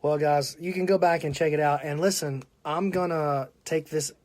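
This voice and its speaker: A man's voice: a little high, steady tone, moderate pace. A man with a Southern US accent hosting a casual live stream, chatting and greeting viewers by name. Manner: chatty, shouting out viewers, laughing often. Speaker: podcast host.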